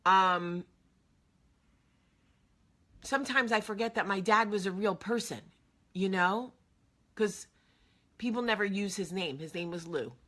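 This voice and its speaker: Woman, 40s, from New Jersey; bright, chatty host storytelling with fillers. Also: medium pitch. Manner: chatty, emotional, filler-heavy. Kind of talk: casual storytelling.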